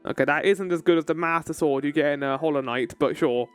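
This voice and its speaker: A man's voice: on the high side, fast, clean tone, faint music behind. A man giving casual let's-play commentary, chatty and rambling, with asides to his chat. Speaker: gaming video host.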